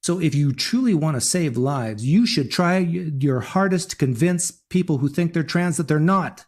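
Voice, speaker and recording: Preachy man with a slightly high voice. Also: lively intonation, normal speed, darkish tone. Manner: preachy, repeats his points. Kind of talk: opinionated monologue.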